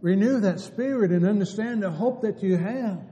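A man's voice: high-pitched, moderate pace, mellow. A man preaching a sermon in an earnest, pleading way, asking many rhetorical questions. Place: church sanctuary. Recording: church hall with long reverb.

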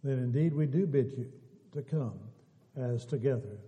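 A man's voice: mid-range voice, moderate pace, muffled recording, slight background noise. A man preaching a sermon to his congregation, building to emphatic, repeated appeals. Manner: rising to emphatic exhortation, repeating phrases. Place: church sanctuary. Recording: church hall reverb.

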